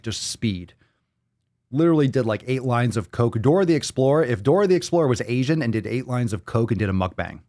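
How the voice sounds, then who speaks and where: A man hosting a live podcast stream, talking loudly and excitedly, repeating phrases and swearing often. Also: lowish voice, no room sound, clean studio sound. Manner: plays soundboard clips. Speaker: podcast host.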